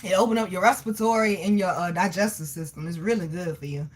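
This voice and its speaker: A woman in her thirties hosting a livestream, answering her chat in a loud, animated way, laughing often and swearing freely. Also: on the low side, quick pace, slightly rough. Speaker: livestream host reading chat. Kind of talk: casual chat.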